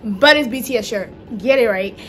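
A young woman chatting casually in a home vlog, excitable and gushing, full of slang, with faint noise in the background. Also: on the high side, normal speed. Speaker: vlogger. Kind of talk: casual haul vlog chat. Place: home room at night.

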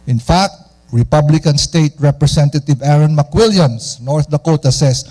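A man from the Philippines with a Filipino accent, preaching a lively, conversational sermon and asking the audience questions. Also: fairly high pitch, normal speed.

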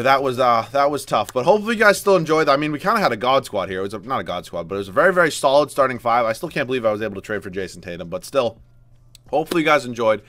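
A man commentating his own basketball video game from a dry home setup. His voice jumps from low mutters to loud outbursts as plays go wrong, and he swears and groans at the screen. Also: dry recording. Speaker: gaming YouTuber. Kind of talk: live gameplay commentary.

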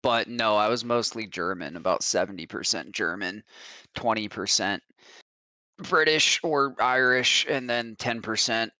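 A man's voice: lowish voice, unhurried, bright, forceful tone, dry recording. A young man streaming a game, chatting casually, laughing often and swearing freely. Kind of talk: casual chat while gaming.

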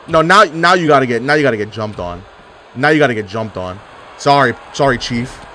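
A young man calls his online wrestling game live, and his pitch swings widely as he reacts. His tone is sarcastic and full of trash talk. There is a faint hum of noise behind him. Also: expressive, brisk, sharp tone. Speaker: gaming YouTuber. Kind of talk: live gameplay commentary.

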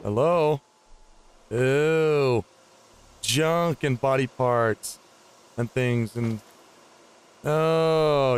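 A man's voice: on the high side, smooth. A man giving casual, rambling commentary on his own gameplay, chatting aloud to the enemies he fights. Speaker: gaming host.

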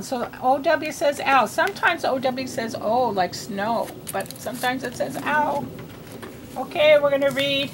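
Slow, patient woman reading teacher. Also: high-pitched, a bit bright, slight background noise. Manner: patient, sounding out letters and repeating words slowly. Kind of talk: slow read-aloud phonics lesson for young children.

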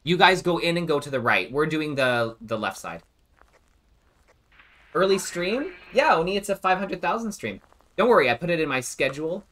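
A man's voice: a little high, sing-song, normal speed, a bit bright. A man streaming a game live, chatting casually and joking with viewers and a teammate. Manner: chatty, jokey, thanks viewers mid-game. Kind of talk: casual live-stream chat while playing.

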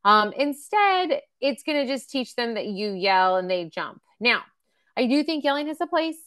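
A woman's voice: a little high, sing-song, normal speed, a bit bright, clean tone. Chatty woman teaching parents. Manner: chatty, with many fillers and acted-out example quotes. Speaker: parenting webcast presenter. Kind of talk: casual teaching talk.

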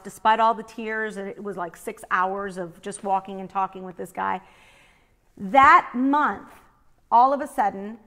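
A middle-aged woman telling a personal faith story, quoting others as she goes. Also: mid-range voice. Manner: animated, quotes others in her own voice. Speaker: speaker sharing a faith story.

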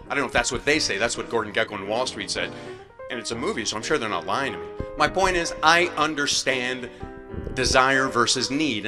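A man delivering a playful comic monologue with animated, jumpy delivery, as a regular segment of a show. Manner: animated, playful delivery with sudden jumps in pitch. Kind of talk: stand-up style comic monologue. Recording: echoey hall with guitar music behind.

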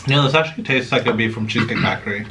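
A man chatting on an eating vlog, dry and teasing, tossing deadpan jabs. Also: mid-range voice, very fast, noisy background. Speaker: co-host partner. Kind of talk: casual eating vlog chat. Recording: clattering dishes and clicks behind.

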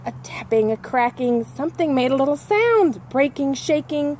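A woman reading a children's picture book aloud as a nature center educator, animated and imitating bird calls as she points out the pictures. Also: high-pitched, moderate pace, a little hiss or hum.

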